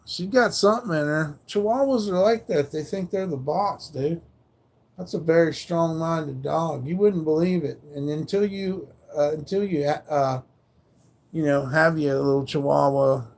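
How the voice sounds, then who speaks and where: A man's voice: a little high, moderate pace, creaky. A man hosting a livestream, telling a rambling, profane story in casual slangy speech. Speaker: livestream host.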